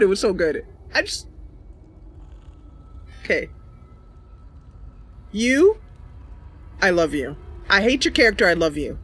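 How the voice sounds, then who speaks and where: A woman's voice: medium pitch, big pitch swings, slow, long pauses, husky, low-quality recording. A woman hosting her channel, chatting casually and playfully over gameplay, giggling often. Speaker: channel host, gamer.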